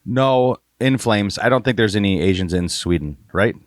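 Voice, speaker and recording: A man's voice: on the low side, lively intonation, normal speed, dry recording, studio quality. A man hosting a podcast in casual, joking talk that often trails off and restarts.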